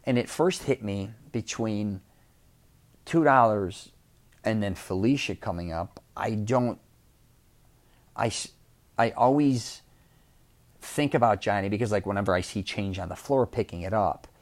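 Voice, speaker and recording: A man from Chicago with a Chicago accent, hosting a podcast and telling a personal story in a casual, animated way, repeating words for emphasis. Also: lowish voice, unhurried, long pauses. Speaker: podcast host.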